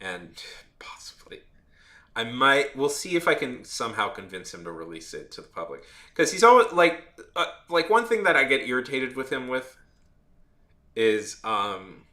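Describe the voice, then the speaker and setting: A man's voice: mid-range voice, sing-song, moderate pace, pushed and bright, roomy sound. A man who works as a videographer tells a story in a casual, rambling rant, with many restarts and free swearing. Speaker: videographer and editor.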